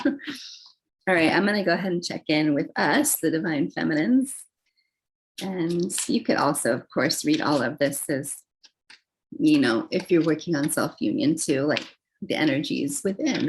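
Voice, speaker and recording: A young adult woman giving a casual, chatty tarot reading, gentle in tone and full of fillers and soft laughs. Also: low-pitched, poor audio. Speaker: tarot reader.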